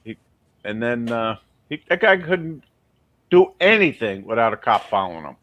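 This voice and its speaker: A man telling a story from his police days on a group call, clipped and animated. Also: medium pitch, moderate pace. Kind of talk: casual storytelling in a group chat.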